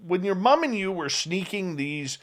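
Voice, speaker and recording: A man's voice: high-pitched, very animated, moderate pace. A man hosting a late-night radio talk show, asking questions and chatting agreeably with his guest. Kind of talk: interview host.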